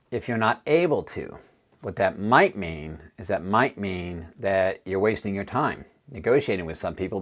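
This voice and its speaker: Low-voiced man teaching negotiation. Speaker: negotiation trainer. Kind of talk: instructional talk to camera.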